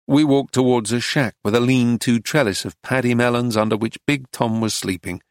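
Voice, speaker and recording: A man reading a story aloud in measured, descriptive narration. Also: medium pitch, no echo, clean studio sound. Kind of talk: audiobook narration.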